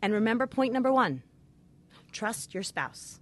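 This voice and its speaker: A woman's voice: a little high, big pitch swings, measured pace. A middle-aged woman, a marriage therapist, giving earnest, emphatic advice point by point. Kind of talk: advice talk with numbered points.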